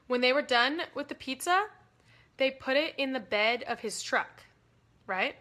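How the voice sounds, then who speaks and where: A woman's voice: high voice, sing-song, slow, sharp tone. A young woman hosting a casual livestream, chatty and giggly, rambling through stories. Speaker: livestream host.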